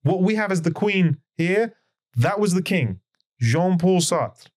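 A podcast guest explains history emphatically in a conversational lecture, firing off rhetorical questions. His voice sits high with lively intonation, unhurried and a little mellow.

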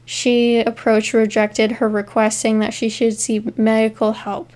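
A woman's voice: fairly high pitch, monotone, a little slow, a little mellow. Chatty woman reading case notes. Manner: reads notes with asides, frequent ums. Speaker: podcast co-host. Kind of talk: casual true-crime podcast chat.

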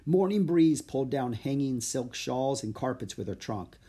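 A man narrating a children's audiobook in a steady, plain storytelling voice. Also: mid-range voice, normal speed, husky.

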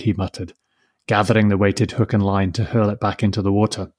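A man hosting a podcast who reads a story aloud in a slow, measured, reflective way. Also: lowish voice, level tone, a little mellow.

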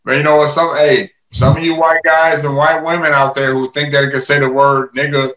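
A man guesting on a podcast, telling fight stories in animated casual chat, often repeating words as he starts a sentence. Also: on the high side, fairly quick, roomy sound.

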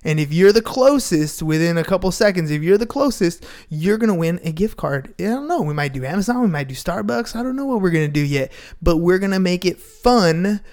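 Male podcast host, energetic sponsor-read delivery, quite high pitch. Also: brisk, few pauses. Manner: upbeat salesy pitch.

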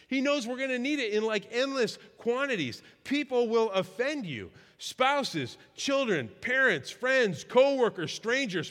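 A male pastor with a high voice gives a casual, self-deprecating sermon. He slows down and leans on key phrases. The voice carries a long reverb from a church hall. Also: a bit bright. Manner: conversational and self-deprecating, with slow emphatic pauses. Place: church sanctuary.

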